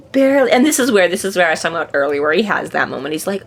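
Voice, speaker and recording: A woman co-hosting a podcast in casual chat, animated, swearing freely and acting out characters' lines in quick asides. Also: medium pitch. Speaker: podcast co-host. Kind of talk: casual book-discussion chat.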